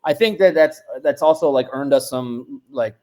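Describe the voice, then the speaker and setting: A man's voice: medium pitch, moderate pace, warm tone. A young man, a comic book writer on as a guest, speaking earnestly and filling his talk with "like". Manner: earnest, heavy use of "like". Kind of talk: casual interview chat.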